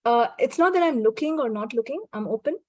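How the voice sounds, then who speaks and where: A woman guest in a casual conversation, speaking reflectively with frequent restarts and soft laughs. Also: a little high, expressive, a little fast, no room sound.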